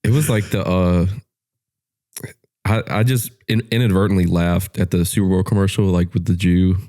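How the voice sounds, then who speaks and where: A man co-hosting a podcast in casual chat, thinking out loud with restarts and hedges. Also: low-pitched, fairly even intonation, normal speed. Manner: thinks aloud with restarts and hedging. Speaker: podcast co-host.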